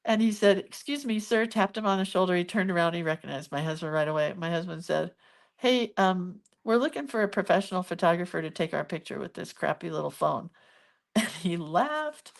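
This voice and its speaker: A middle-aged woman vlogging, telling a story to camera in an emotional, animated way, with sighs and laughs. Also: lowish voice, fairly quick, gravelly.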